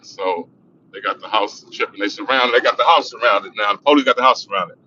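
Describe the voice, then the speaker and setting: A man's voice: on the low side, fairly quick, sharp tone. A middle-aged man from Los Angeles telling a profane, rambling street story on a livestream. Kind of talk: casual storytelling. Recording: dull lo-fi sound with faint noise.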